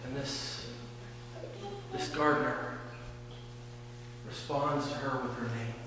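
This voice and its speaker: A man preaching a sermon as pastor, slowly retelling a scripture story and often repeating words. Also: medium pitch, steady tone, very noisy. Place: church sanctuary. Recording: echoey church hall from a distance.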